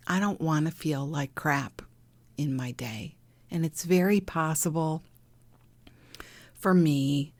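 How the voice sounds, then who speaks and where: A middle-aged woman hosting a podcast, talking gently and encouragingly about healing, with soft whispered asides. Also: low-pitched, no echo. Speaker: podcast host, healing coach. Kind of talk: reflective spiritual talk.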